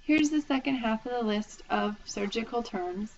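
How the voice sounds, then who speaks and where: A woman's voice: fairly high pitch, normal speed. A woman instructor giving a recorded lecture, patiently explaining terms and spelling them out letter by letter. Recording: dull lo-fi lecture recording with faint noise.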